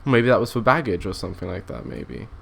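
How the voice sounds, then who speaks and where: A man's voice: fairly low pitch, quick pace, gravelly, fairly bright tone. A young man giving casual, rambling commentary while playing a train simulator, thinking aloud and often restarting his sentences. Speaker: let's play gamer.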